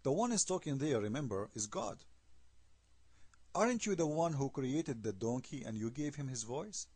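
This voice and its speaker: A man's voice: mid-range voice, lively intonation, normal speed, darkish tone, breathy edge, no room sound. A man giving an argumentative video commentary, emphatic and scornful, firing off rhetorical questions in non-native English. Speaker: online commentator.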